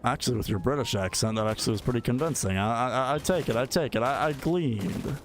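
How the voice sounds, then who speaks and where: A man's voice: medium pitch, quick pace, noisy background. Joking male gaming streamer. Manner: chatty, joking, talks to chat and an AI while playing. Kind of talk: casual livestream chat.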